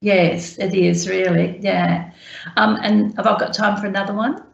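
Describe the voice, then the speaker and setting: A woman with a strongly gravelly voice tells stories from her care work, acting out the conversations as she goes. She speaks over a video call that sounds roomy and echoey. The audio is dull and muffled. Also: medium pitch, measured pace. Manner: lively storyteller acting out remembered conversations. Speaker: guest speaker sharing care experiences. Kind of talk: anecdotal storytelling on a webinar.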